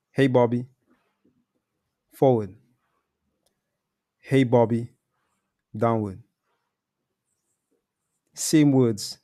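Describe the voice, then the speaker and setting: A man's voice: mid-range voice, warm tone. A man talking as a sales coach in a casual discussion, laid-back and slangy, explaining with examples.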